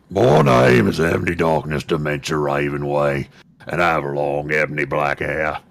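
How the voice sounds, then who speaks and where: A man voicing a gruff orc reading a goth teen girl's story aloud as a comic dramatic reading. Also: very deep voice, a little slow, voice pushed down, heavily acted. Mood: gruff deadpan.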